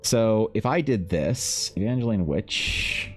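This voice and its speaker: Man, from canada, art streamer, casual rambling chat, swears a lot, reads chat aloud, lowish voice. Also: animated, takes it slowly, soft background music. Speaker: artist streamer.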